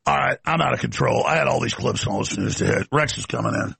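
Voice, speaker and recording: Gravelly emphatic male talk host. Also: medium pitch, a bit bright, no echo. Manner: emphatic, rapid-fire, mocking. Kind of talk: ranting comedic monologue.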